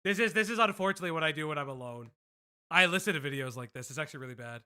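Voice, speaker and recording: High bright-voiced male streamer. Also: rapid-fire, clear, resonant tone. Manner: blunt, profane, offhand. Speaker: streamer host. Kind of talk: live commentary stream.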